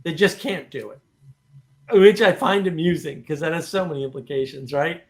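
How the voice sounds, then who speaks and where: A man hosting a casual discussion, animated and talking in bursts with many "right?" asides. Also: a little high, moderate pace. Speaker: host.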